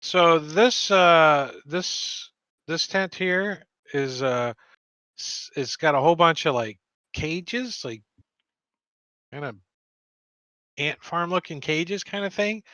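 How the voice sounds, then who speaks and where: A man running a tabletop game as dungeon master, narrating in a relaxed, rambling way. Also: fairly high pitch, slow pace, pauses often, no room sound.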